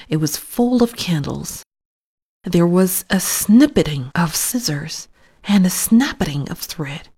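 Lady whispering a bedtime story, low voice, lots of melody, takes her time. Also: husky. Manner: soft, hushed and unhurried.

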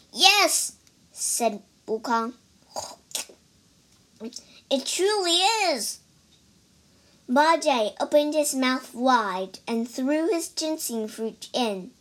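A woman reading a story aloud in a slow, clear manner for English learners. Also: a little high.

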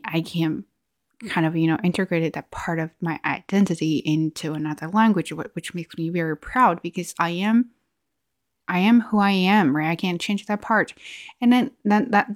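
A woman from China with a Chinese accent talks reflectively in a casual vlog, restarting often and leaning on fillers. She has a fairly low voice, and the studio recording is clean with no room sound.

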